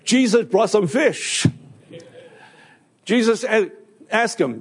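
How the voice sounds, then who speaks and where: A man preaching a sermon, halting with fillers and restarts. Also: high-pitched, animated, husky. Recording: long hall reverb.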